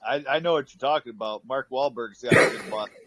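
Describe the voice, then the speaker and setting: A man's voice: mid-range voice, fast talker, a bit bright. A man with a mid-range voice joins over a video call. He speaks casually, hesitant and self-deprecating. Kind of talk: casual chat.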